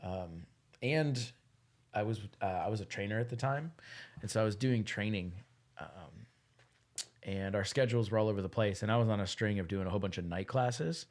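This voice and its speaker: A young man co-hosting a podcast, telling a rambling, relaxed story in casual chat. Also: lowish voice, normal speed. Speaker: podcast co-host.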